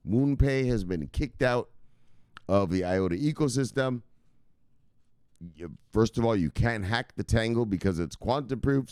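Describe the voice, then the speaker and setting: A man with a lowish, darkish, smooth voice hosts a crypto news livestream, chatting loosely and rambling, swearing freely and barking catchphrase sign-offs. The recording is dry with clean studio sound.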